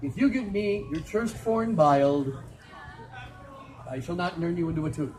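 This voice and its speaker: A man's voice: sits high, animated, moderate pace, darkish tone, voice pushed down. A man voicing an ugly old witch who bargains spitefully, in mock-grand storybook speech. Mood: haughty. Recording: phone recording with fair noise behind.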